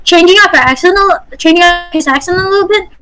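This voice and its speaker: A woman game master runs a casual workshop with a high voice. She is chatty and encouraging. She laughs often while giving players feedback. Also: quick pace, sharp tone, soft background music, low-quality recording. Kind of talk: casual teaching.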